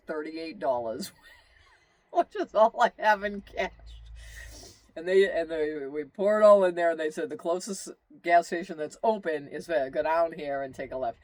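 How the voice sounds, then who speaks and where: A fairly high-voiced man tells a long road story in a loose, rambling way, full of asides and quoted exclamations. He sounds worn out. The recording is dry and close, with no room sound. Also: no room sound. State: tired. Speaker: vlogger telling his travel story. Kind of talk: casual storytelling monologue.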